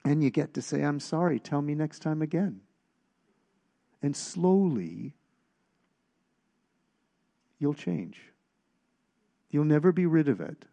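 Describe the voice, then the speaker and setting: A man's voice: a little high, expressive, slow, creaky, pauses often, dark tone. A man giving a conversational sermon, emphatic and asking his listeners questions. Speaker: preacher.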